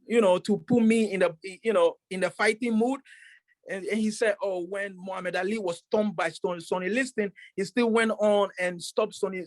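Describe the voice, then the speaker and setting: A professional boxer telling a story in a casual interview, rambling with many fillers and restarts. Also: male voice, very high voice, no echo.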